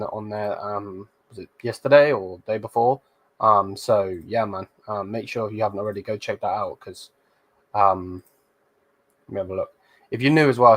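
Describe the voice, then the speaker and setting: Blunt football host, lowish voice. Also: male voice. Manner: loose and blunt, sprinkled with slang and swearing. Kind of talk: casual live-stream chat reading viewer comments.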